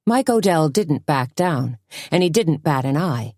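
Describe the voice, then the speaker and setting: Low mellow lady reading a mystery audiobook, dry close mic. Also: expressive, measured pace, no echo. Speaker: audiobook narrator. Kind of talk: scripted mystery narration.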